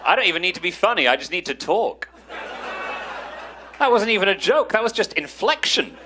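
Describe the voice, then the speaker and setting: A man's voice: high voice, sing-song, a little fast, pushed and bright, some chatter behind, slight background noise. A British man performing a wry, self-deprecating stand-up comedy set. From Britain.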